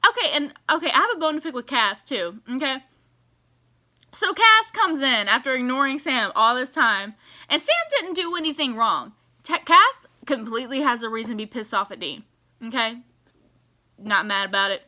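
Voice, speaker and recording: A woman giving casual, animated reaction commentary on a TV episode, exasperated and swearing as she rants. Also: high voice, normal speed. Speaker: TV reaction vlogger.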